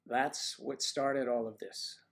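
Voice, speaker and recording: A man hosts a casual livestream and talks straight to his viewers. His delivery is playful and rambling, full of teasing asides. His voice sits at an ordinary, middle pitch. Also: steady tone, takes it slowly, a bit bright. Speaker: livestream host.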